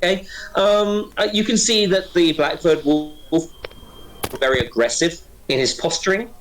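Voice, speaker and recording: A man narrating as game master, talking quickly and chattily with many fillers. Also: high-pitched, low-quality recording.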